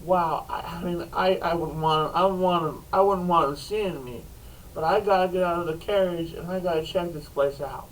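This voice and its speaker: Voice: medium pitch, normal speed, far from the mic, natural voice, low-quality recording. A storyteller voicing a panicky, stammering Benjamin Franklin who keeps swearing as he tries to slip away. The narrator barely changes their own voice for him. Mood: curious. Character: panicky Benjamin Franklin caught at a mailbox, man, adult.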